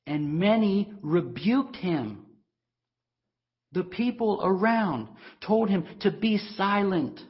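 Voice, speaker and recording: A man's voice: high-pitched, animated, takes it slowly. A man preaching a sermon as pastor, earnest and emphatic, repeating words for stress. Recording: dull lo-fi recording.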